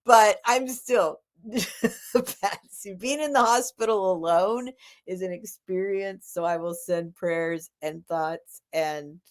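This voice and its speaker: Slow-talking woman hosting a live sale. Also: mid-range voice. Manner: rambling and warm-hearted, with frequent soft laughs. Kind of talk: casual live-stream chat.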